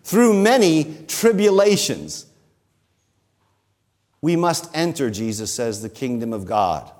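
A man preaching a sermon, who slows down and stresses key phrases. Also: medium pitch, very animated, a little mellow. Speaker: pastor.

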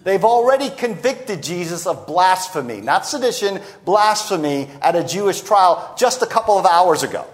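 Guy with a high voice preaching, slows way down on the big lines. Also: sing-song. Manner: expository preaching, acts out quoted lines, slows for emphasis. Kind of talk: sermon.

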